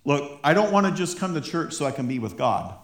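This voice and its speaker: A man preaching a sermon in a church, fired up and stumbling over his words in quick restarts. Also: on the high side, lively intonation. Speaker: pastor. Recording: roomy echo in a church.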